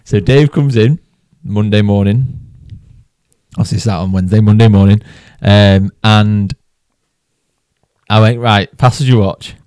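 A man's voice: lowish voice, measured pace, darkish tone, clean tone, dry recording. English guy on a golf pod, telling a story, laughs a lot, dry close sound. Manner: anecdotal, laughs often while telling a story. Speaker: podcast co-host. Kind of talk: casual chat.

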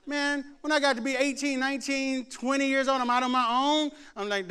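A man's voice: extremely high pitch, a little fast, few pauses. A middle-aged man preaching a sermon, telling stories with humor and acting out the voices of others. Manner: animated, jokes and mimics voices. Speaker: pastor. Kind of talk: sermon with storytelling. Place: church before a laughing congregation.

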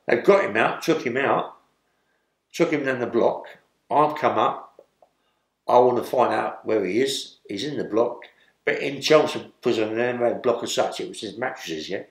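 In an echoey room, an elderly Londoner speaks at a moderate pace in a mid-range voice and a London accent. As an interviewee and ex-criminal, he wanders through a prison tale, tacking "yeah?" onto his lines again and again.

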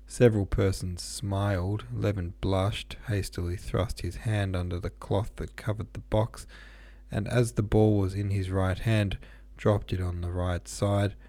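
Man reading a novel aloud, low mellow voice, dry close sound, small slips. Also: little pitch movement, a little slow, dry recording. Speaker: audiobook reader. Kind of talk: informal read-aloud of a classic novel.

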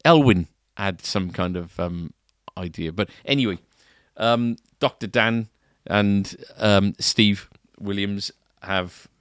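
Guy rambling on a podcast, really low voice, dry close sound. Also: takes it slowly, few pauses, dry recording. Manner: chatty, rambling, laughs easily. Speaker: podcast co-host, guitar shop staff. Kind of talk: casual chat.

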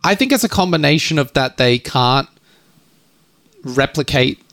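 A man co-hosting a podcast, explaining things in casual chat with quick asides. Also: fairly high pitch, expressive, a bit bright, no echo. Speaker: podcast co-host.

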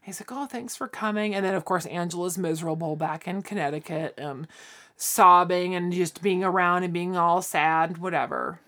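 A woman's voice: fairly low pitch, moderate pace. A woman co-hosting a podcast, chatting casually and acting out characters' lines as she retells a sitcom plot. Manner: animated, acts out characters' lines while retelling. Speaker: podcast co-host. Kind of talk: casual chat recapping a sitcom.

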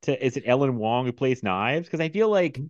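A man's voice: mid-range voice, lively intonation, moderate pace, no room sound. A man chatting casually on a podcast about a movie, rambling with lots of fillers. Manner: rambling, many fillers and restarts. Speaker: podcast co-host. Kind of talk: casual chat. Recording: dull lo-fi sound.

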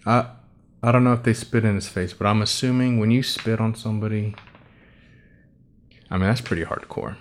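A man's voice: lowish voice, moderate pace, pauses often. A man hosting a casual commentary show, reading an article aloud, tripping over names, swearing and laughing at his own asides. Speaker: host.

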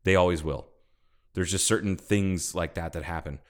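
A podcast co-host recounts a road trip in casual chat, swearing freely and acting out the people he quotes. His voice sits low and moves at a moderate pace.

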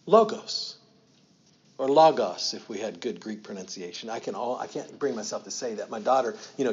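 A man's voice: mid-range voice, darkish tone, dull audio. A middle-aged man, a pastor, teaching a sermon on scripture in a conversational way, repeating himself and asking the room questions.

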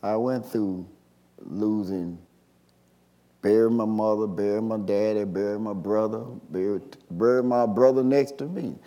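A man, preaching a sermon, swinging from quiet storytelling to shouted call-and-response. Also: on the low side, steady tone, measured pace. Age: 60s.

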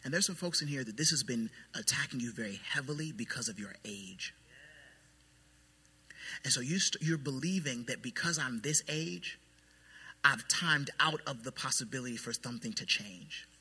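A man preaching a sermon as pastor, emphatic and then quietly intense. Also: mid-range voice, slightly rough. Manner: emphatic preaching that drops to soft, hushed intensity. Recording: long hall reverb.

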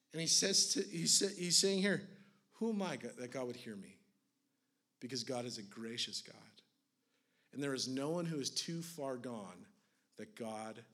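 A man preaching a sermon in a casual, conversational way, swinging from hushed, near-whispered lines to intense, raised passages. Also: mid-range voice, slightly rough. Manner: conversational, fillers of "like", rising to intense then hushed. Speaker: pastor.

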